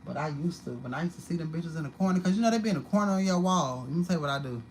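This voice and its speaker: A woman's voice: deep voice, very fast, darkish tone, a little hiss or hum, rough recording. A woman giving a live-streamed tarot card reading at home, talking in a blunt, profane and repetitive way. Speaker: tarot reader. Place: home apartment.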